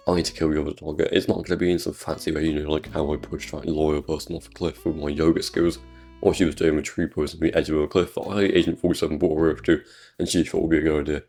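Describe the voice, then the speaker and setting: Very deep gravelly British man. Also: little pitch movement, fast, darkish tone, soft background music. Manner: rambling, crude and jokey. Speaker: gaming YouTuber. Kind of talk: casual gameplay commentary.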